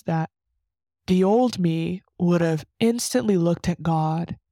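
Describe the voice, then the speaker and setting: A young woman talks earnestly through a personal faith reflection, circling back and restarting her thoughts as she goes. Her voice is warm and mellow, with little rise and fall in pitch. It sounds close and dry, with no room sound. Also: dry recording. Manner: earnest, rambling, many restarts and "like". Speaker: faith podcast host.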